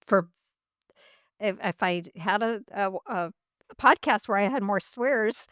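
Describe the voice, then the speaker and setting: A woman's voice: mid-range voice, unhurried, fairly bright tone, dry recording, studio quality. A middle-aged woman hosting a podcast, telling a story casually and animatedly, with many fillers and acted-out quotes. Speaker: podcast host.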